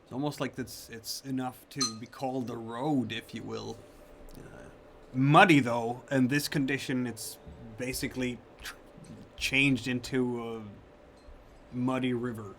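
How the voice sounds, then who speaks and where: A man narrating as game master of a tabletop game, describing scenes in slow, halting sentences with fillers. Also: medium pitch, fairly even intonation, a bit bright, slight background noise.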